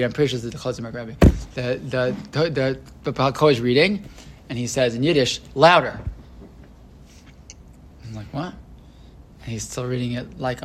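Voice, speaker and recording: A medium-pitched man teaches an informal class on a religious text. He talks loosely and conversationally, full of fillers and restarts, and frequently puts questions to his students.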